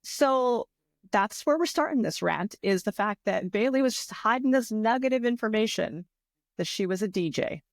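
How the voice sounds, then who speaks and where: A young woman co-hosts a relaxed podcast, rambling cheerfully and breaking into laughter. Her voice sits mid-range. The recording is dry, with little room sound. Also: medium pitch, moderate pace, no echo. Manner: animated, laughs a lot, rambling. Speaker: podcast co-host and author. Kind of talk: casual chat.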